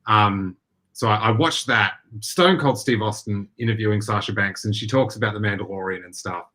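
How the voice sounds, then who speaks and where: Bright-voiced man, rambling podcast host. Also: on the low side. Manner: rambling, halting, many restarts. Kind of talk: casual chat.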